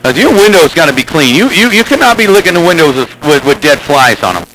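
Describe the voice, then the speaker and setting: A man's voice: fairly high pitch, big pitch swings, fast, fairly bright tone, a little hiss or hum, low-quality recording. A man chatting over CB radio, rambling and teasing, with a repeated "crazy, crazy" catchphrase. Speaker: CB radio operator and channel host. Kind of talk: casual radio banter.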